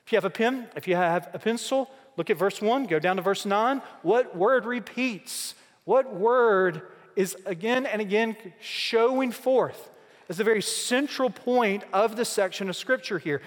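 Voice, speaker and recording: A man preaching a sermon, building through repeated rhetorical questions and slow, emphatic pauses. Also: high-pitched. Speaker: pastor. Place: church sanctuary. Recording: long hall reverb.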